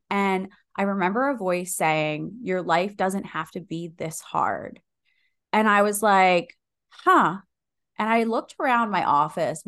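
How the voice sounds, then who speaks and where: A woman with a mid-range voice, guesting on a podcast, tells her story in a casual and animated way. She swears freely and acts out her own inner voice.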